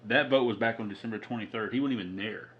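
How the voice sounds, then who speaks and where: A man's voice: lowish voice, fast talker, highs cut off. A man co-hosting a casual podcast, reading out news items in a dry, matter-of-fact way. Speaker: podcast co-host. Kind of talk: casual chat.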